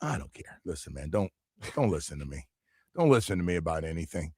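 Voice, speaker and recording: Animated middle-aged radio host, dry sound. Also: male voice, low voice, husky, dry recording. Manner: animated, jokey, quick asides. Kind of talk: sports radio banter and live-read ad. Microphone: studio microphone.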